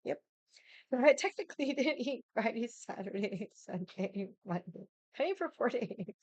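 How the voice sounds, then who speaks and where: A woman's voice: a little high, animated, moderate pace, darkish tone, no room sound. A young adult woman hosting a livestream, chatting casually and frankly, swearing freely and filling her talk with "like". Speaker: livestream host. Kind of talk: casual chat.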